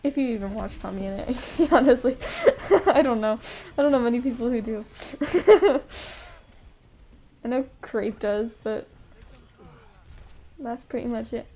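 A woman's voice: a little high, measured pace, mellow, slight background noise. A woman streaming a game live, chatting bubbly to her chat and laughing often. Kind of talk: live gameplay commentary.

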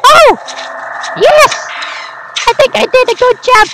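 A man putting on a squeaky, high-pitched voice of a silly little guy, talking slowly and excitedly over a video game. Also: vocal fry, very noisy, heavily acted. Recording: loud game music behind.

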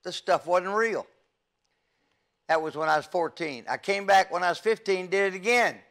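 An older man and youth evangelist giving an earnest, halting testimony from the pulpit, with frequent stammers and restarts. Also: high-pitched, a bit bright. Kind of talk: testimony sermon.

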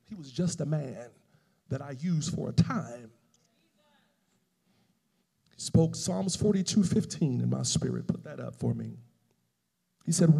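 Male pastor in his forties, gravelly and husky, animated storytelling sermon with long hall reverb. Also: medium pitch, a little slow, long pauses. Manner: animated, builds to loud emphatic preaching.

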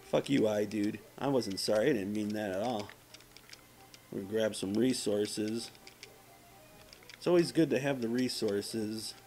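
A man's voice: lowish voice, unhurried, long pauses, darkish tone, soft background music. A man casually commenting on his gameplay, profane and self-mocking, trash-talking the game's enemies. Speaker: let's play gamer.

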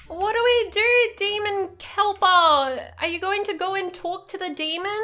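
A woman gaming YouTuber role-playing as she plays, excitable and gasping as if scared. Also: very high voice, measured pace, hardly any pauses. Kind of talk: role-playing while playing a game.

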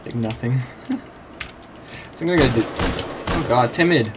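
A young man giving casual commentary over his own gameplay, excitable, laughing often and swearing freely. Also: mid-range voice, measured pace, very noisy. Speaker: gameplay video creator.

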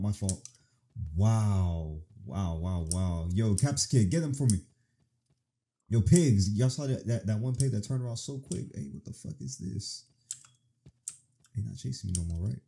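Young guy w/ aave cussing at a game, voice jumps all over, kinda mellow tone, faint keyboard clicks behind. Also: on the low side, unhurried, gravelly, pauses often, slight background noise. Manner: profane, animated reactions, talks to the game. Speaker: gaming streamer. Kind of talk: casual let's-play commentary.

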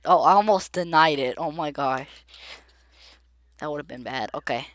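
A woman's voice: sits low, unhurried, long pauses, dry recording, studio quality. A woman giving casual gameplay commentary, chatty and jittery, pleading aloud with the characters and talking to her viewers. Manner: addresses viewers directly. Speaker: gameplay video creator.

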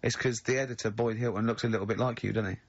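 A man's voice: fairly low pitch, steady tone, very fast, husky, dry recording, lo-fi sound. Rambling man telling anecdotes. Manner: rambling anecdotes, frequent laughter. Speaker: radio show host. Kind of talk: casual chat.

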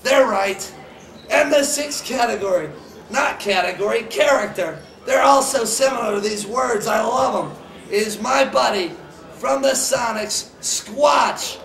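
A hammy, excitable man with a very high, gravelly voice announces awards in a goofy comic style. He shouts and whoops between jokey asides. He sounds a little off-mic in an echoey room. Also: unhurried, recorded from a distance. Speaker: mascot show host.

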